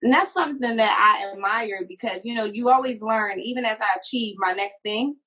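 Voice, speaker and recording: A woman's voice: a little high, brisk, bright, forceful tone, breathy edge. A woman hosting an interview show, asking eager, admiring questions. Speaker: show host. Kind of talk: interview chat. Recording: dull lo-fi audio.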